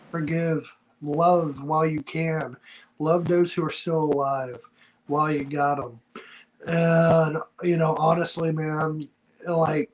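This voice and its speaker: A high-voiced man co-hosts a wrestling podcast, chatting casually on a rough recording. He speaks earnestly and from the heart, his speech full of slang.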